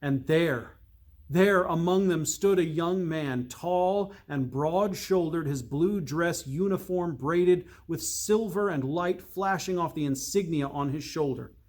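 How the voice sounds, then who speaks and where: A priest with a slightly high male voice reads a storybook aloud. He goes slow and measured, lowering to a hush to build suspense.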